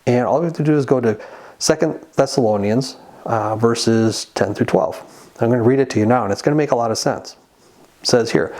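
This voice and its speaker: A man giving an earnest, conversational sermon as the host of a Christian channel, pausing now and then to read scripture aloud. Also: medium pitch, a little mellow. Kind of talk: sermon-style monologue.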